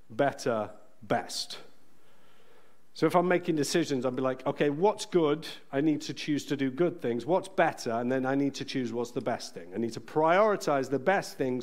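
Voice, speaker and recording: A man preaching a sermon in a church, earnest and emphatic, slowing down to stress key phrases. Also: medium pitch.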